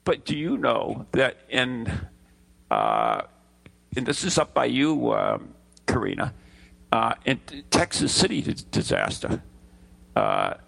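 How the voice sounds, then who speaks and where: A man's voice: medium pitch, huge pitch swings, slow pace, creaky, long pauses, a bit bright. A man co-hosting a casual chat show, rambling and teasing, often stumbling over his words. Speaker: podcast co-host. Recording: voice breaking up over an online call.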